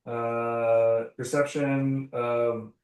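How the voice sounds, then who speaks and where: A male tabletop player with a mid-range voice, talking casually and drifting into quiet asides. He sounds far from the mic, in a roomy space. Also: medium pitch, flat delivery, extremely slow. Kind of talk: tabletop play.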